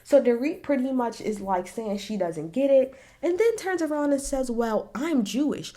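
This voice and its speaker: Blunt, animated woman recapping reality TV. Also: high voice, normal speed. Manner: blunt, animated, swears freely, talks straight at the people she discusses. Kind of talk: casual opinionated recap.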